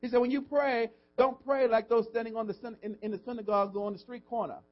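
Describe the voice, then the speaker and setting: A pastor preaching in a church, his man's voice pitched high above most men's. He moves from soft, tender lines to loud, stretched-out declarations and keeps calling out "come on" to the room. The audio is dull and lo-fi. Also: steady tone, fast talker. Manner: preaching with rising and falling intensity, call-and-response asides. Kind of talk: sermon.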